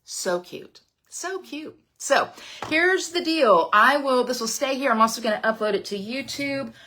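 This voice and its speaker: A woman leading a casual live papercraft demo, chatty, playful and excitable, often dropping into gushing whispers. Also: high-pitched, moderate pace, a little hiss or hum. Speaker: papercraft demonstrator.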